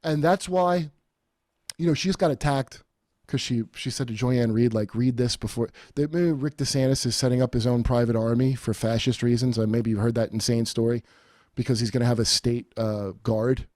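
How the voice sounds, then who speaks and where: A man's voice: medium pitch, normal speed, darkish tone, no room sound, clean studio sound. Profane rambling man on a podcast. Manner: profane, rambling, mocking quoted voices. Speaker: podcast host. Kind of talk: casual comedic chat.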